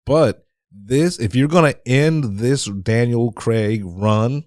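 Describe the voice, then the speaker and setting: A man's voice: medium pitch, slow pace, a little mellow, dry recording. Blunt, swearing man with a dry sound. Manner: blunt, profane, trails off into restarts. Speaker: podcast co-host. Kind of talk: casual film review chat.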